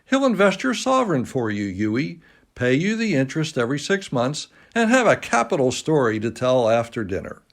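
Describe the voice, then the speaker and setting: A man's voice: medium pitch, sing-song, normal speed. A man voicing a jovial male painter friend who teases in a hearty, upper-class way. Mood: amused.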